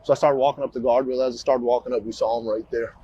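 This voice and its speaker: A man, a police officer, giving a halting recorded account full of restarts. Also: medium pitch, level tone, warm tone, muffled recording, a little hiss or hum. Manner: halting, with frequent restarts and fillers.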